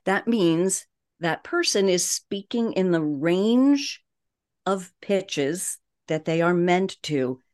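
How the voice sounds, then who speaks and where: A woman with a Long Island New York accent, a voice coach talking in a measured, unhurried way on a podcast interview. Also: on the low side, animated, a little mellow.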